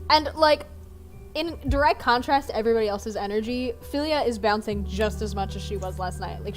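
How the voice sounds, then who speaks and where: A woman's voice: medium pitch, rough recording. A woman running a tabletop game, narrating casually with lots of fillers. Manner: chatty, full of fillers. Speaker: game master.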